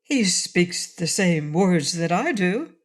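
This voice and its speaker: A woman's voice: lowish voice, very animated, takes it slowly, exaggerated voice. A woman reading a storybook, voicing a frank, earnest woman who bakes cookies.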